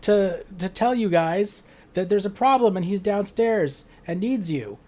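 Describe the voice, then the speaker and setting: A man's voice: high voice, expressive, a little slow, pitched above the performer's own voice. A man voicing an awkward male vampire who stammers through a bad bluff. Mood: nervous bluff. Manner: nervous stammering, loud awkward yelling.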